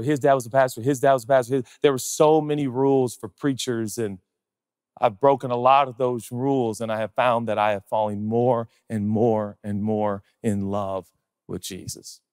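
A male pastor preaching a sermon, animated and conversational, firing off rhetorical questions and chatty asides. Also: mid-range voice, smooth, no echo, clean studio sound, big-room sound.

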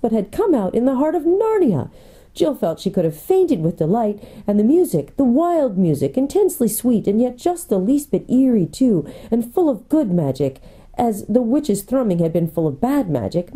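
A woman pastor reading a children's book aloud with expressive storytelling. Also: fairly high pitch, moderate pace.

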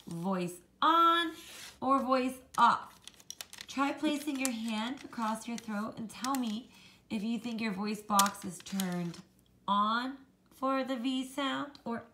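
Slow, bright-voiced phonics teacher woman. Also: a little high, slight background noise. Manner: slow, encouraging, modelling sounds for kids. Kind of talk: children's phonics lesson.

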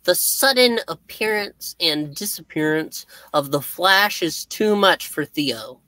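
A woman's voice: on the low side, lively intonation, takes it slowly, sharp tone, no echo. A woman narrating a comic aloud as co-host, with amused, giggly asides. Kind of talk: reading a comic aloud with banter.

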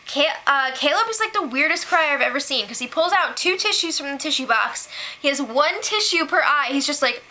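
Bright, high-voiced woman giving a sarcastic recap. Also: lively intonation. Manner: sarcastic, giggly, quick asides. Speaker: host recapping a reality show. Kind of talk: casual chatty recap.

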